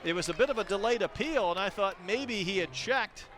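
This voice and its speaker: A man doing live play-by-play baseball commentary, calling pitches and chatting between them. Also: lively intonation, a little fast, a bit bright, some chatter behind, slight background noise. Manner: conversational, calls pitches between chatty stories. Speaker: play-by-play announcer.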